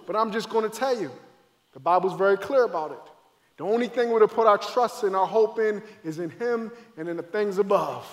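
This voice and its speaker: With a high voice and a slightly fast pace, an ex-football player shares a moving faith testimony. He's dramatic, acting out scenes while swinging from loud to hushed, and the recording has a big-room sound.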